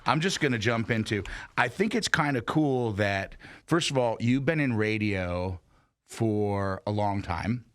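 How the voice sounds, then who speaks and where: Low-voiced rambling podcast host man. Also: animated, unhurried, dry recording. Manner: rambling, restarts, friendly interviewer. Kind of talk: casual podcast interview. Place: studio in Las Vegas.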